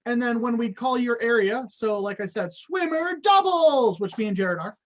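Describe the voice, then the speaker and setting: A man's voice: sits high, steady tone, brisk. A man on a guest spot, explaining water safety to kids in a friendly, plain way.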